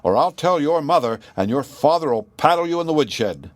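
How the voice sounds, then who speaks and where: Man doing a shrill, bad-tempered spinster for a storybook reading; loud, high scolding. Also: animated, normal speed, no echo, close to an everyday voice. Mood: furious. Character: shrieking cross spinster woman with broom.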